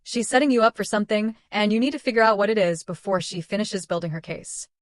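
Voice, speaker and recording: A woman's voice: mid-range voice, quick pace, no room sound, clean studio sound, natural voice. Woman reading as a blunt, protective best friend. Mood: firm. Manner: firm, outraged.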